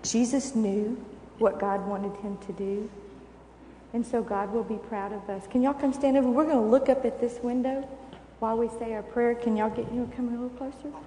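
A woman's voice: a little high, steady tone, normal speed, a little hiss or hum. Older woman in an echoey church. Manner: warm, coaxing, asks the children questions. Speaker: children's sermon leader. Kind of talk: children's sermon. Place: church sanctuary. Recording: echoey church hall recording.

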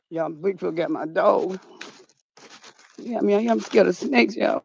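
A woman's voice: medium pitch, unhurried, creaky, husky, dry recording, lo-fi sound. A woman hosting a comedic outdoor vlog in the cold, fretting aloud and calling out for her missing dog. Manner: excitable, frets aloud, calls out a dog's name. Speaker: channel host.

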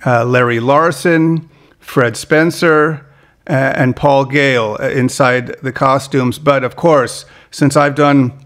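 Podcast host guy, mid-pitch voice, rambly chat full of uhs and restarts. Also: fairly even intonation, fairly bright tone. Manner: chatty, halting with many fillers and restarts. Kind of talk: casual interview chat.

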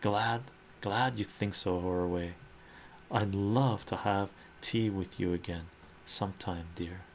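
Shy modest young woman read by a man, low gravelly voice, slow, quiet comic-book reading. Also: steady tone, slight background noise. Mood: timid.

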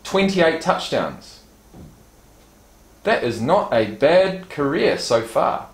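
A man's voice: fairly high pitch, big pitch swings, slow. A man casually unboxing fan gifts on his vlog, reading card stats and a letter aloud and swearing now and then. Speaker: YouTube vlogger. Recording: roomy echo.

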